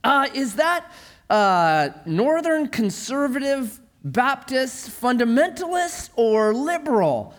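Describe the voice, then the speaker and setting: A man's voice: very high-pitched, very animated, slow pace, a bit bright, voice pushed up, heavily acted. A man voicing an eager, nosy male rescuer in a sermon joke, asking prying questions in a raised, chirpy voice.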